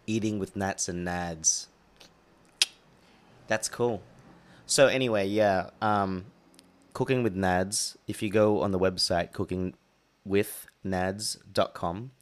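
A man's voice: low-pitched, fairly even intonation, slow, long pauses. A man co-hosting a podcast, talking casually in a playful, rambling way with frequent restarts. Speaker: podcast co-host. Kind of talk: casual chat.

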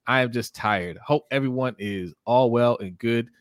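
A male sports livestream co-host with a clear, resonant, mid-range voice speaks at a moderate pace, reading viewer comments aloud, greeting each commenter by name, and laughing a lot in an animated way. Studio sound is clean, with no echo.

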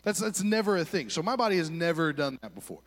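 A young man preaching, telling a lively story with voiced quotes in a church hall. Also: a little high, quick pace. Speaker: pastor. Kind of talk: sermon story. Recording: long hall reverb.

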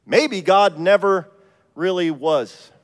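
A man's voice: high voice, takes it slowly. A man from Ohio, a pastor preaching a sermon in a casual, self-deprecating storytelling way. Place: church sanctuary. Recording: long church reverb.

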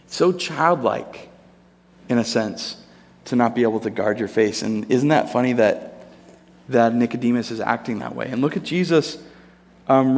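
A pastor with a gravelly, mid-range voice preaches a sermon, animatedly telling the story and voicing each character. The long reverb of a large hall surrounds him.

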